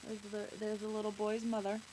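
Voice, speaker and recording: A woman's voice: medium pitch, completely flat delivery, a little fast, warm tone, slight background noise, low-quality recording. A woman hosting a children's show, reading a picture book aloud and chatting with kids, asking them questions.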